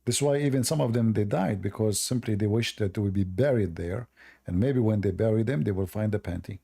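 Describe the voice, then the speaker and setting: A man who is not a hosts a call-in debate, arguing in a sarcastic, emphatic way while his voice is going hoarse. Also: on the low side, a little fast, dark tone. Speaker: host.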